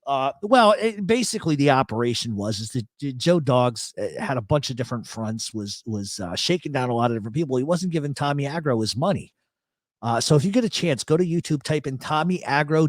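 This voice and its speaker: A radio show host runs a casual live talk show, reading chat comments aloud in a blunt, rambling style full of swearing. He agrees emphatically and keeps repeating himself. His mid-range voice is recorded at studio quality with no echo.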